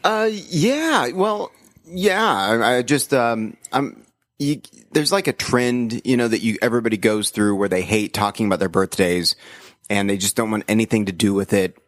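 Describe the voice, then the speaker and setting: A middle-aged man co-hosting a casual podcast over a remote call, rambling and swearing with halting restarts. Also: on the low side, no room sound. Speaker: podcast co-host.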